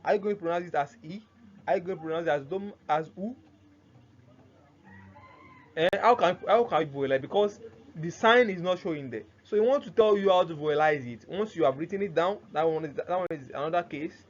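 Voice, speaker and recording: A man's voice: a little high, a little fast. A man teaching Arabic grammar in a classroom-style lesson, who keeps asking "what?" and answers himself, repeating the key terms. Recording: muffled lo-fi sound, faint noise.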